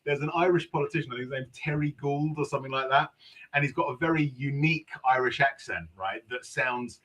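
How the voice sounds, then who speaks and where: A man co-hosting a casual stream, cracking jokes in animated banter. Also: medium pitch, a little fast. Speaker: stream co-host. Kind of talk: casual chat.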